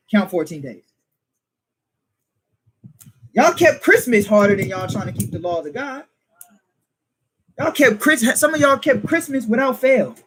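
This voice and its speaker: A man's voice: very high voice, slightly rough, poor audio. A man preaching informally to a small group, emphatic and fond of rhetorical questions, laughing as he teases. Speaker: teacher.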